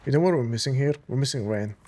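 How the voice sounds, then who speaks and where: A fast-talking man with a warm, medium-pitched voice plays through a story game, casually commenting and reading in-game documents aloud between enthusiastic fan remarks in a let's-play.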